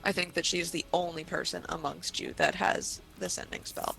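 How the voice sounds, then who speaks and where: A woman's voice: on the low side, steady tone, normal speed, gravelly, fairly bright tone, soft background music. A woman running a tabletop game as game master, often muttering to herself while tracking turns.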